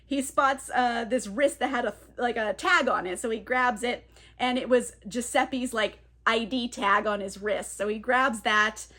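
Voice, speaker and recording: Chatty, sarcastic high-voiced woman. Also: measured pace, sharp tone. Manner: chatty, sarcastic, laughs often, many fillers. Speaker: book reviewer. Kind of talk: casual book recap.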